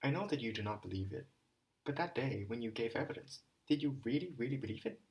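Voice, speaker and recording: Man reading as a desperate young guy, urgent, pitch up, halting. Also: animated, a little mellow, lightly acted, low-quality recording.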